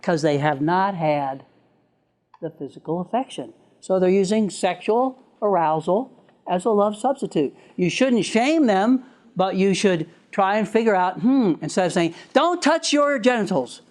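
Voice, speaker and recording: A man giving a live lecture to a class, chatty and quick to laugh, acting out little examples as he goes. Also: high voice, darkish tone.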